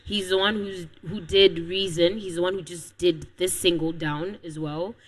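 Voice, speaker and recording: A woman in her twenties, a singer, answering questions in a casual radio interview in a soft, easygoing way. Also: on the low side, fairly even intonation, normal speed, a crowd in the background, poor audio. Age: 20s. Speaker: guest singer.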